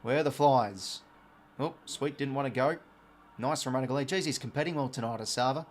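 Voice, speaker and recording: Excitable Australian man calling live football. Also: medium pitch, moderate pace, a little hiss or hum. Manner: excitable calling that surges on big plays, chatty asides to viewers. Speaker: watch-along host. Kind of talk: live play-by-play commentary over a match.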